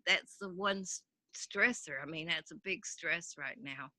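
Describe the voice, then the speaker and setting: A woman with a slightly low but bright voice, recorded dry on a call. She speaks hesitantly, stopping and restarting her sentences. The talk is a casual group conversation. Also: a little slow, dry recording, low-quality recording.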